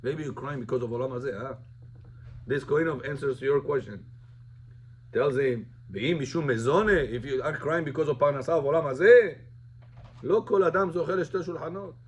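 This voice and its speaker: A man's voice: mid-range voice, brisk, a little hiss or hum. A man, a rabbi, teaching a Talmud lesson informally, telling the story and mixing Hebrew terms into plain English.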